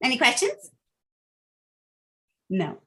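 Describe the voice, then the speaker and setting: A woman's voice: fairly high pitch, wildly swooping pitch, slow pace, a bit bright. A woman giving a casual, upbeat phone-skills training talk, chatty and full of fillers.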